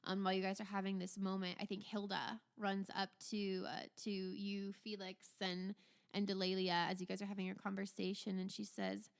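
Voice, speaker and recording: A woman's voice: mid-range voice, little pitch movement, normal speed, gravelly, clear, resonant tone. A woman narrating a tabletop game as game master, casual with fillers.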